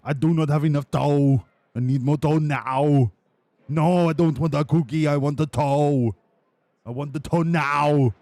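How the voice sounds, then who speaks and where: A man doing an impression of a whiny, demanding young male racing driver who insists loudly. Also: fairly high pitch, fairly even intonation, unhurried, no room sound, pitched above the performer's own voice. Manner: petulant, insistent, loud.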